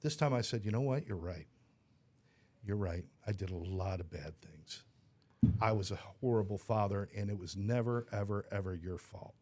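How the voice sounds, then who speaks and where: A middle-aged man from South Jersey, a guest on a wellness talk show, telling his recovery story in an animated, jokey way and dropping to a soft, low voice for painful memories. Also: moderate pace. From South Jersey, United States.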